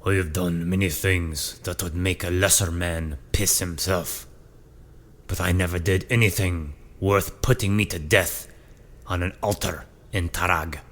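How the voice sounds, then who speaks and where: A deep, gruff brutish prisoner who speaks with defiance, as a man puts him on. His voice is low and his delivery slow. It is an audio tabletop adventure. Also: fairly even intonation, a bit bright. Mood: defiant.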